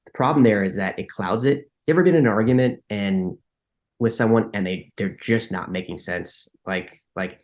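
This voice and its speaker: A man being interviewed on a podcast, explaining in a lively, conversational way, acting out inner dialogue and often restarting his sentences. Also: fairly low pitch, normal speed. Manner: frequent restarts and filler likes. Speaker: podcast guest.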